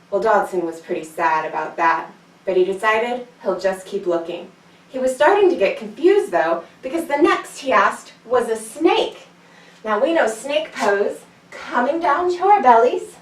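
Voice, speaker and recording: A high, lively woman's voice leads children through yoga poses as she tells an animal story. Her delivery is playful and sing-song. She sounds a little distant, in an echoey room. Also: measured pace. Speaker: kids yoga teacher.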